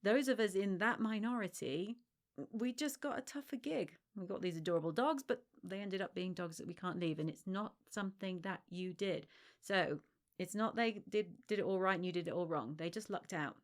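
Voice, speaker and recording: A woman's voice: mid-range voice, normal speed. A woman hosting a solo podcast as a dog trainer, talking emphatically and reassuringly straight to the listener. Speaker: dog separation-anxiety trainer and podcast host.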